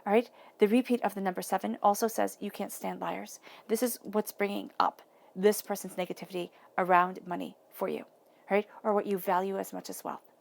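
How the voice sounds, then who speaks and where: A woman giving an intuitive tarot reading, earnest and emotional, speaking softly through affirmations and restarting her thoughts often. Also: mid-range voice, little pitch movement, brisk, vocal fry. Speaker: tarot reader.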